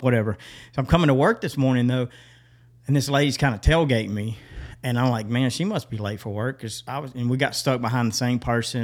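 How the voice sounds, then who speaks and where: Guy cohosting a podcast, loud storyteller, laughs a lot, does the voices of people in his story. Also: mid-range voice. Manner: animated, laughs often, acts out quotes. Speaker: podcast co-host. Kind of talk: casual storytelling chat.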